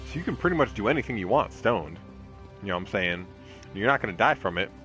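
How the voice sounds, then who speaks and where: A man's voice: lowish voice, expressive, quick pace, fairly bright tone. Profane, rambling young man streaming a game. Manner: rambling, profane, laid-back, tangent-prone. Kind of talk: casual live-stream commentary. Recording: game music playing behind the voice.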